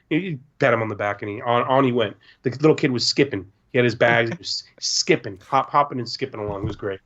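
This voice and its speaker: A man's voice: medium pitch, quick pace, few pauses. Man telling a story in dull lo-fi audio. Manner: animated storyteller, swearing, acting out quotes. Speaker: podcast co-host. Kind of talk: casual late-night podcast chat.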